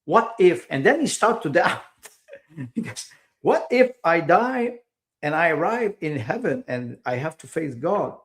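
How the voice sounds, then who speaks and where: A man with a fairly high, very animated voice talks at a measured pace as a guest on a podcast. The conversation is casual, and he sounds hesitant, filling it with fillers, repeated words, and the small grammar slips of someone speaking English as a second language.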